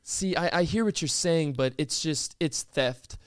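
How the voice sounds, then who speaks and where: A man's voice: on the high side, unhurried, clear, resonant tone, dry recording, studio quality, voice pushed down, natural voice. A man putting on a stern, formal store manager woman. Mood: stiff, formal. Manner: flat, hesitant and formal, full of ums. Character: stern, coldly polite female store manager.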